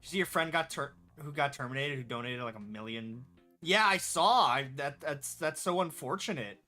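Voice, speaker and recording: A man's voice: a little high, animated, moderate pace, sharp tone, faint music behind. A young man casually commenting on his gameplay, laid-back and rambling, swearing now and then. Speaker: gaming streamer.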